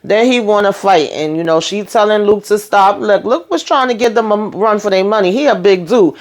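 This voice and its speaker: A woman giving a casual, blunt and expressive recap of a TV episode, often speaking directly to her viewers. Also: mid-range voice, fairly quick. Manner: sassy, blunt and expressive, with frequent asides to viewers. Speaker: TV recap vlogger.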